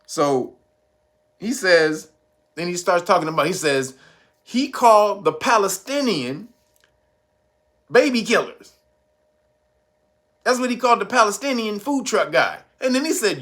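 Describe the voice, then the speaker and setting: High, bright-voiced man riffing casually. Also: measured pace, pauses often. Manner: animated, chuckling, slangy storytelling. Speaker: channel host. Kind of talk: casual commentary.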